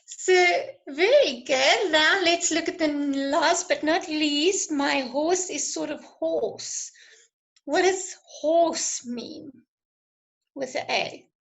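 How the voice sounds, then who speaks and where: A woman teacher giving an online lesson, encouraging and praising students, her voice going a little hoarse from talking a lot. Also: sits high, slow pace, low-quality recording. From South Africa. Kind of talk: online lesson with live chat.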